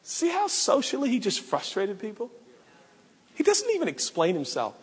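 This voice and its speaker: A male pastor preaching an animated, joking sermon in a large hall. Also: sits high, normal speed, slightly rough. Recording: echoey hall reverb.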